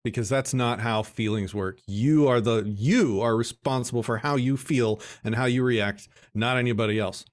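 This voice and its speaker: A man's voice: mid-range voice, moderate pace, few pauses. A man talking casually about how he raises his kids, earnest and explanatory. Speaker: parent guest. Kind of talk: casual conversation.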